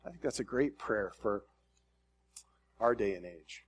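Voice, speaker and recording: A man teaching from the Bible in a relaxed, conversational way, often restarting phrases and reading scripture aloud with rising emphasis. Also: on the low side, measured pace, husky. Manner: casual, thinking aloud with frequent restarts.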